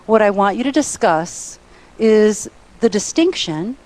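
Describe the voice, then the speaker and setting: A middle-aged woman giving an energetic, playful motivational seminar talk, bossing a conference audience into call-and-response. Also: mid-range voice, measured pace. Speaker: motivational speaker. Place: conference hall.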